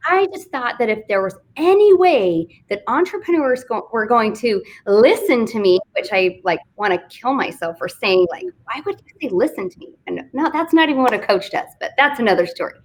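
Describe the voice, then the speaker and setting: A woman's voice: fairly high pitch, expressive, normal speed, hardly any pauses, a little hiss or hum. A woman from Texas, an author and business coach, telling a candid, self-deprecating story in a casual interview on a live online stream. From Fort Worth, Texas. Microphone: live online video stream.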